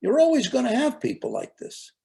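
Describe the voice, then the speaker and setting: Older man, gravelly voice, lively animated pitch, earnest storytelling talk, spiritual speaker. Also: fairly quick. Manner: earnest, storytelling, repeats words when starting. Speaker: speaker on resilience and spiritual life. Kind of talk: reflective talk with anecdotes.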